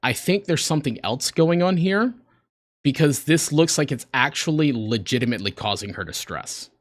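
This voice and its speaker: A man's voice: on the high side, lively intonation, moderate pace, no room sound, studio quality. An American man in his twenties or so, talking casually and earnestly while reacting to videos on a stream, sometimes rambling. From United States. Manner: earnest, rambling, emotional at times.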